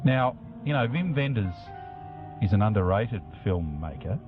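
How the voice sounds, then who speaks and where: A man with a very low voice rambling in mock-earnest comic banter, full of ums and uhs. His voice comes through a tinny, phone-like radio feed with music underneath. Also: big pitch swings, measured pace. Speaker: band member on community radio. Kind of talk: deadpan comedic banter.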